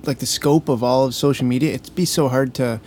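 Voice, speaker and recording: Low-voiced young woman on a podcast. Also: steady tone, a little fast, a little mellow, a little hiss or hum. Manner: agreeable, chimes in with short replies. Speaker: podcast co-host. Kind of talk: casual podcast chat.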